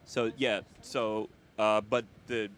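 A man's voice: lowish voice, little pitch movement, takes it slowly, a bit bright. A man who is a comedian on tour, talking in a chatty, rambling way with many fillers. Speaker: touring comedian. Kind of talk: casual podcast chat.

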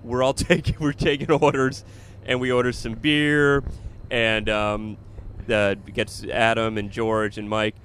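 Man, comedian, casual storytelling, animated, laughs often, faint background noise. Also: medium pitch, a little slow. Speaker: comedian and podcast host.

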